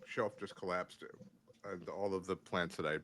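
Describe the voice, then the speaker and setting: A man playing in a tabletop game, chatting casually with quick wisecracks. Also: sits low, steady tone, a bit bright, a little hiss or hum. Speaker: player.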